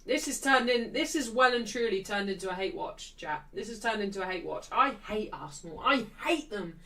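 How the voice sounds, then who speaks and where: A woman's voice: medium pitch, animated, normal speed, sharp tone, far from the mic, rough recording. A woman hosting a football watchalong stream, ranting and swearing as she talks to her chat. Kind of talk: casual live-stream chat.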